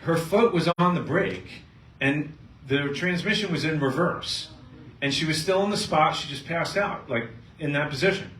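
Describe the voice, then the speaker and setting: A middle-aged man, a chiropractor, speaking to a live seminar audience and telling a patient story with lively storytelling. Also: fairly high pitch, normal speed. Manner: storytelling, acting out both sides of a patient story, animated. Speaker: chiropractor giving a health seminar. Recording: echoey room, mic at a distance, faint noise.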